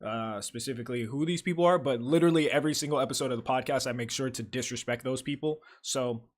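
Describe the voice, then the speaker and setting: A man's voice: mid-range voice, quick pace. A young man hosting a livestream, reading viewer comments aloud and chatting in loose, profane slang full of fillers. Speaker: livestream host.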